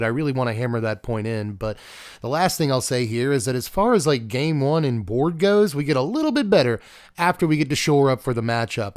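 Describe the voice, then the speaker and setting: A man's voice: medium pitch, no room sound, clean studio sound. Chatty man talking card decks. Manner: chatty, with offhand asides. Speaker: card game channel host. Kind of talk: casual deck-tech commentary.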